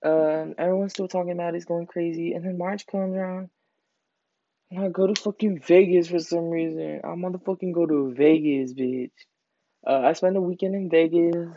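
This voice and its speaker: Speaking at a normal speed, this young podcast host has a mid-range, dark-toned voice with fairly even intonation. The storytelling is loose and rambling, with plenty of slang and cursing from someone in their late teens. The lo-fi recording sounds dull and dry.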